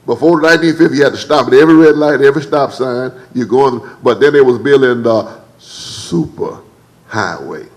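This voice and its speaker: A man preaching a church sermon. He calls on the congregation to answer back, repeats and stammers over words, and leaps higher when he acts out quotes. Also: normal speed, poor audio. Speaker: pastor. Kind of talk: preached sermon with call-and-response. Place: church service.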